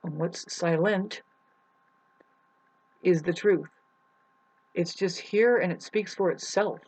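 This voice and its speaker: A spiritual vlogger rambling through a monologue to camera, full of restarts and sudden loud mocking outbursts, swearing casually. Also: mid-range voice, slow pace, husky, poor audio.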